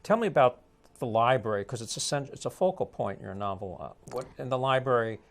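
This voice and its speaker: A man's voice: mid-range voice, animated, fast. A man hosting an interview, asking rambling, hesitant questions that are full of fillers. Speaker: interviewer host. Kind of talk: casual interview conversation.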